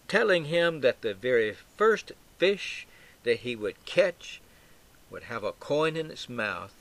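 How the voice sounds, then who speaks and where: A man preaching an expository Bible sermon at an unhurried, deliberate pace. His voice sits in an ordinary middle register, and he leans hard into emphatic phrases. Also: medium pitch, fairly bright tone. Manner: slow, emphatic, with swells on quoted lines.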